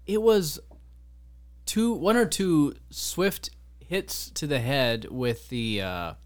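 A man's voice: fairly high pitch, slow pace. A man co-hosting a casual chat, cutting in with wry questions and remarks. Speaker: podcast co-host.

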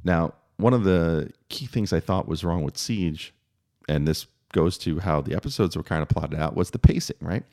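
Low gravelly man giving a review. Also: darkish tone. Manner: opinionated, measured, frequent fillers. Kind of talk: spoken review monologue.

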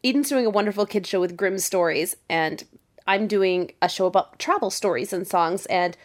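A woman's voice: mid-range voice, normal speed. A woman hosting a casual interview, bubbly and teasing, laughing often. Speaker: podcast host.

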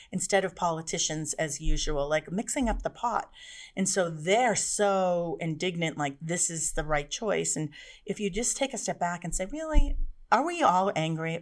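A woman in her forties, a guest speaker in an interview, telling stories and acting out quoted dialogue with lively voices. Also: on the low side. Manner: animated, acts out quoted dialogue in changed voices. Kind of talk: conversational interview storytelling.

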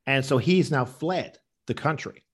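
A man's voice: medium pitch, unhurried, husky. A man answering interview questions with rambling anecdotes, acting out the people he quotes. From Canada. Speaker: interview guest, comedian.

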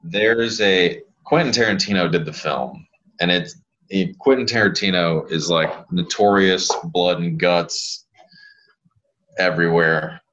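A man's voice: low-pitched, measured pace, a bit bright, dull audio. A man in his thirties from Louisiana, a physical therapist guest telling rambling stories in casual podcast chat. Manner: rambling, laid-back storyteller.

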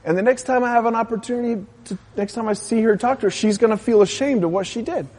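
A man with a high, slightly husky voice delivers a sermon with real passion, his pitch leaping as he urges the congregation on. The sound carries a long reverb, like a church hall. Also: fast talker. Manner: animated, impassioned preaching, then soft prayer. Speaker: pastor.

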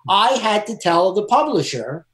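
A man's voice: high voice, big pitch swings, moderate pace, fairly bright tone, echoey room. A man who works as a lawyer, giving firm, emphatic advice during a panel discussion. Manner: emphatic, advising.

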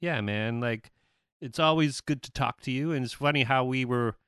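A man hosting his own podcast, talking in a relaxed, rambling way with many fillers. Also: mid-range voice, moderate pace, clean tone, no echo, clean studio sound. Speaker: podcast host. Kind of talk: casual chat.

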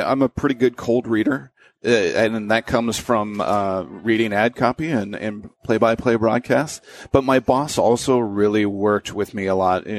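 A young adult man, a sports broadcaster and voiceover announcer, talks through his career in a relaxed way, with many fillers and restarts. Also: fairly low pitch. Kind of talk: conversational interview.

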